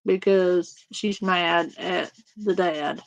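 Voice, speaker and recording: A woman's voice: on the low side, steady tone, very slow, vocal fry, no echo, dull audio. A woman streamer giving casual reaction commentary to a clip, incredulous and swearing freely as she mimics what others said.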